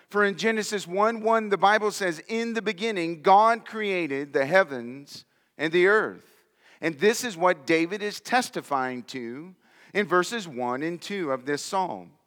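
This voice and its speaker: A man's voice: high-pitched, a bit bright. Emphatic preaching man in reverberant hall. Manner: emphatic preaching, reading scripture aloud. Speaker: pastor. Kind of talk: sermon.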